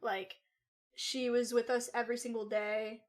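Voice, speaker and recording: A woman's voice: fairly high pitch, level tone, measured pace. A young adult woman livestreaming, telling a personal story to her chat in a rambling, casual way, with lots of "like" and swearing. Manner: rambling, loose and swearing, full of "like".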